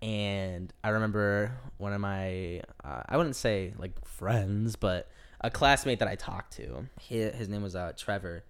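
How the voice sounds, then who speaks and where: A man's voice: lowish voice, unhurried, clear, resonant tone. A young man telling a long personal story in casual chat, heavy on filler words, acting out what people said. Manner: rambling, lots of "like" fillers, acts out quotes.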